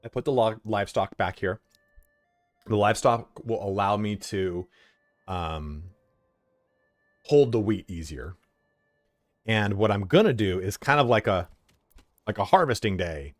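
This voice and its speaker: Here a man with a lowish voice speaks unhurriedly, pausing often, over clean studio sound with no room tone and faint music behind. Casually chatting on a live stream while playing a strategy game at home, he swears without restraint and stops between comments to tell his dog what to do.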